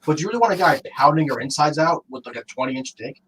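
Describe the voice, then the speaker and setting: A man's voice: a little high, lively intonation, racing, a bit bright, slight background noise. A young man co-hosting a podcast, rambling and laughing through crude casual chat. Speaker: podcast co-host.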